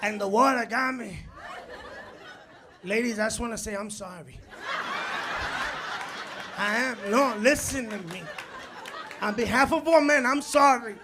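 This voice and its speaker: A high-pitched man in his forties doing stand-up, telling animated stories and working the room. It is a live club recording, with the crowd's laughter loud behind him and steady room noise throughout. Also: measured pace, long pauses. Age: 40s. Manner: animated storytelling, acts out quotes, works the crowd. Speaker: stand-up comedian. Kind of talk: stand-up comedy set. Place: comedy club on stage. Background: audience laughter.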